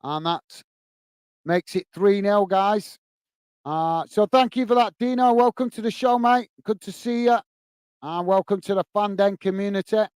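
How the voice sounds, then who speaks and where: A man hosting a live football stream, commentating on play and chatting warmly with viewers, with frequent fillers and "mate"s. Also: sits high, moderate pace, clear, resonant tone, no room sound. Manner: chatty, greets viewers by name, many fillers. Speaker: host of a fan live stream.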